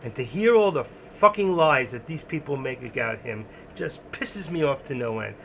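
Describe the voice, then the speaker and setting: With a New York accent and a gravelly voice, a man hosts a casual live stream over a faint background hiss. He speaks at a medium pitch and moderate pace, animated and fairly bright, talking bluntly, rambling, and laughing often.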